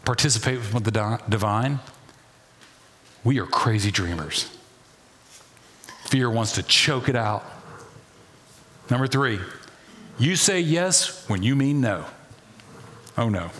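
A middle-aged man preaching a sermon as pastor, folksy and animated, with playful asides and humor. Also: medium pitch, slow pace, pauses often, slight background noise.

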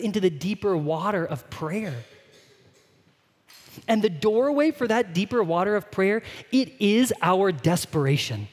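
A male pastor preaches in a lively, conversational way and keeps checking in with his listeners. His voice sits a little high. Everything carries the long reverb of a big church sanctuary. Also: measured pace. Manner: conversational, animated, asks the congregation questions. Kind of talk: sermon. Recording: long reverb of a large hall.

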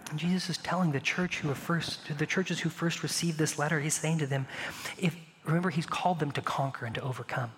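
A man preaching a sermon as pastor, conversational and animated, asking the congregation rhetorical questions. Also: fairly high pitch, fairly quick, big-room sound, slight background noise.

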